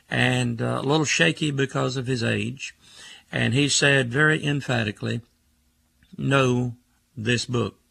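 Gravelly older man preaching on radio. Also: mid-range voice, sharp tone. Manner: emphatic, stacks words in rhythmic lists. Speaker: radio talk show host and preacher. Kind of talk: preaching call-in radio talk.

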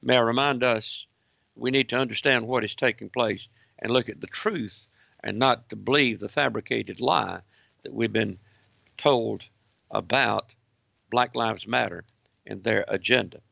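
A man giving an emphatic political commentary broadcast, hammering points through repetition and reading articles aloud in a gravelly voice. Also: medium pitch, measured pace, sharp tone, dry recording, dull audio.

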